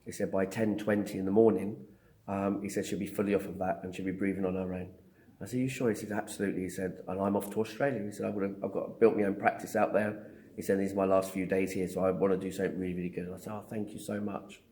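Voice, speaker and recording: This is a middle-aged psychic medium being interviewed, his voice sitting low as he talks fast. He tells his story with animation, performing the dialogue and filling it with hesitant ums.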